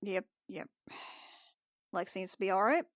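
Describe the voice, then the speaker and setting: A woman's voice: medium pitch, lively intonation, takes it slowly, no room sound, studio quality. A woman playing a tabletop game in character, talking in a sardonic, grumbling way with frequent sighs. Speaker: player.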